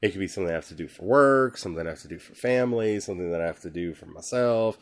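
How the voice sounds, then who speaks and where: A man hosting a podcast, reading a scripture passage slowly and musing on it in an earnest, conversational way. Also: low-pitched, expressive. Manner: slow, earnest, musing aloud. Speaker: podcast host. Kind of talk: reflective scripture talk.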